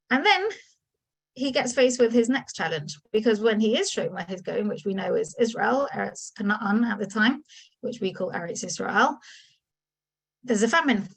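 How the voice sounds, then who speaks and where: A young woman teaching a lesson as a lively storyteller, acting out the characters' lines. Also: on the high side, poor audio. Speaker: Torah teacher.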